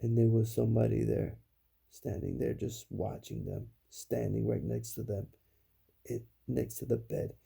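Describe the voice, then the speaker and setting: A man spins a scary bedtime story at a crawl, his low voice full of gravelly fry. The tone is dark and very husky, sinking to whispers at the tense parts. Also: fairly even intonation. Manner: slow, hushed, dropping to whispers for suspense. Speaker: parent telling a bedtime story.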